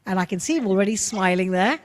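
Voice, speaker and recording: A woman hosting an online show over a video call, chatting warmly and gushingly with a young guest. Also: medium pitch, lively intonation, fast, long reverb tail. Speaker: host. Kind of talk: casual chat on a video call.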